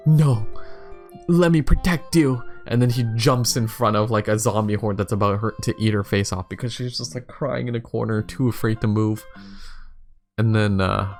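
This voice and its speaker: Man, lowish voice, rambling casual chat, lots of fillers, faint background music. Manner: rambling, many fillers, thinks aloud. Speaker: YouTuber. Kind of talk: casual commentary for a tier list.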